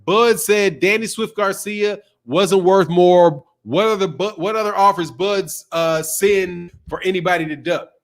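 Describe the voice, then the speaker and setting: A man with a fairly high voice hosts a casual boxing live stream. He laughs often and reads chat messages out loud in loose, profane banter. He sounds like a young adult talking off the cuff. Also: measured pace, hardly any pauses. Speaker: boxing channel host.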